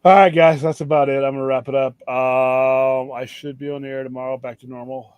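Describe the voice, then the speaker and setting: A man hosting a casual stream chat, rambling and animated, swearing freely as he talks. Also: medium pitch, fairly quick, clear, resonant tone, no room sound, lo-fi sound. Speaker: show host.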